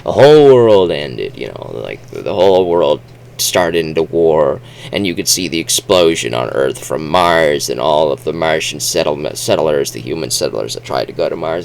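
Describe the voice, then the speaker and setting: A man giving a casual, rambling book review vlog, talking haltingly and restarting his sentences. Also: very deep voice, expressive, creaky, darkish tone.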